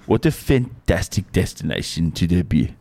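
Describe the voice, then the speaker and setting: A man with a low, dark, sing-song voice and vocal fry puts on an Afrikaans South African accent at a moderate pace, playing a rowdy young rugby tourist. In a heavily acted comedic read-out, he boisterously reads a listener's letter aloud for laughs.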